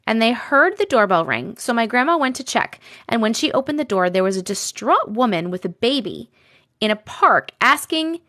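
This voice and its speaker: A woman's voice: fairly high pitch, bright, forceful tone. A woman with a New York accent hosting a casual livestream from home, chatting, laughing often and reading viewer stories and comments aloud. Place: at home, seated at a computer desk.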